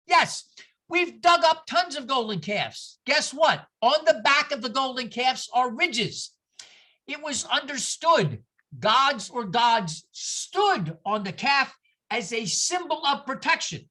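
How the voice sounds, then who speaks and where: A woman giving a lively, sarcastic talk, acting out voices with exaggerated outbursts as she teaches. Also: high voice, a little slow. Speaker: speaker giving a talk on scripture. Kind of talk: lively lecture.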